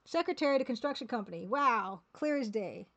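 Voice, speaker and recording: A woman streaming a game live, talking casually and haltingly as she sounds out words one by one. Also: on the high side, animated, a bit bright, muffled recording.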